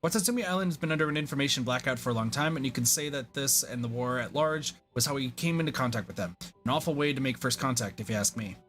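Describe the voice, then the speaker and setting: A man's voice: mid-range voice, fairly bright tone, close to an everyday voice. A man reading as an earnest young general. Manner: formal, courteous phrasing. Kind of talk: reading game dialogue aloud.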